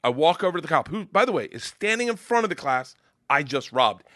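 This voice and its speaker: A male comedian telling a story on a podcast in a loud, profane, animated way. His voice is bright and swings widely in pitch. The recording is dry and close. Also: fairly quick, no echo. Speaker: comedian guest.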